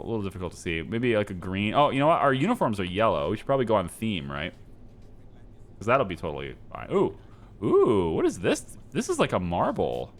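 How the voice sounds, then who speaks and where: A man giving casual gameplay commentary, rambling, indecisive and poking fun at himself as he decorates. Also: fairly low pitch. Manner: rambling, indecisive, self-mocking. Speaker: gameplay streamer.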